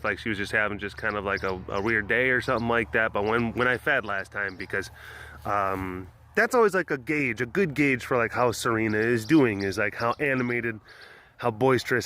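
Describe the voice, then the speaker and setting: A man whose voice sits on the low side, with a sharp tone, vlogs casually outdoors near animal enclosures at a big cat sanctuary. The webcast chat is rambling and jokey with lots of fillers, recorded on a handheld or camera microphone that catches the wind.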